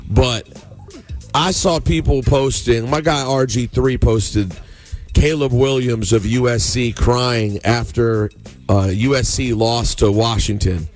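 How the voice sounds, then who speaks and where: A man's voice: medium pitch, takes it slowly. A man co-hosting a morning radio show, bantering and ranting in mock outrage. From United States. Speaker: radio co-host. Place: radio studio. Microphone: studio microphone. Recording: radio studio with music bed.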